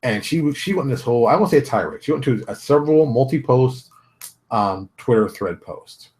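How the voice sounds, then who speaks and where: A middle-aged man hosting his own show from his home office, ranting bluntly and casually. His voice keeps jumping high and dropping low as he presses his points. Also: normal speed. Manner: blunt, animated ranting with big pitch jumps. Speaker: host. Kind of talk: casual solo vlog commentary.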